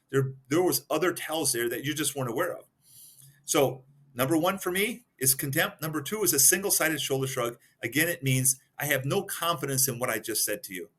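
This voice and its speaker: A man's voice: mid-range voice, fairly bright tone. A man talking as a guest expert on a podcast, explaining points one by one and giving examples. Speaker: guest expert in behavioral analysis.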